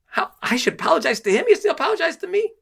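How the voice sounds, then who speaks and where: A man's voice: very high-pitched, big pitch swings, very fast, gravelly, a bit bright, pitched above the performer's own voice, exaggerated voice. A man voicing an indignant middle-aged host who feels wronged, with incredulous, rising outbursts.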